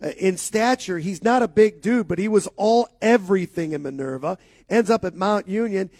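A man's voice: sits high, moderate pace, a little mellow, no echo. Emphatic radio sports talk man.

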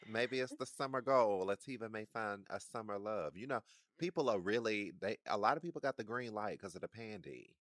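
A man with a lowish voice and a bright, forceful edge, trading teasing banter on a podcast. He lands his points with dramatic emphasis. The recording is dry and close. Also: animated, fairly quick, dry recording. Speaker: podcast co-host. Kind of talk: casual chat.

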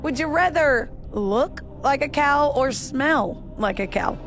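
A woman's voice: high voice, lively intonation, slow, music in the background. A woman hosting a morning radio game segment, bubbly and encouraging, laughing often. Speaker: radio show host.

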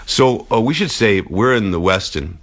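A man's voice: fairly low pitch, expressive, moderate pace, a bit bright. A man hosting a podcast in a hotel suite, joking casually and laughing often. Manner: laughs often, playful teasing. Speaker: podcast host. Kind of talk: casual banter.

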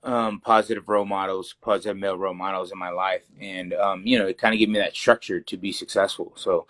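A young man with a low voice speaks as an interview guest. He talks loosely and rambles, filling gaps with ums and you-knows. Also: fairly even intonation, fast talker, fairly bright tone. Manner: loose, rambling, heavy fillers. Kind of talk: casual interview talk.

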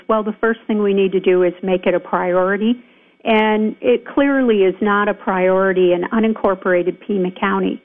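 A woman's voice: mid-range voice, fairly even intonation, moderate pace. A woman county supervisor calling in to a radio show, speaking emphatically and with indignation, with frequent fillers. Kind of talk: radio call-in interview. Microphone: telephone. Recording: phone line.

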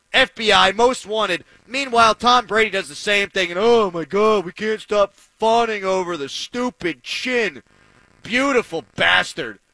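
A man's voice: high voice, bright, forceful tone, dry recording, rough recording. A man giving heated, sarcastic sports commentary, ranting with fired-up energy.

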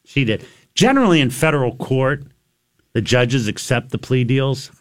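Male lawyer guest on talk radio, animated storyteller, lively swooping voice, chatty. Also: medium pitch, moderate pace. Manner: animated storyteller, laughs often. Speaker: attorney, regular on the show. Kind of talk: casual radio chat, storytelling. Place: radio studio. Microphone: studio microphone.

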